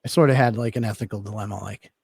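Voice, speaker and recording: A man's voice: on the low side, steady tone, rapid-fire, a little mellow, husky, dry recording. A man telling a long personal story in casual talk, rambling with lots of fillers. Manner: rambling, filler-heavy, laid-back. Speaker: podcast guest telling a story.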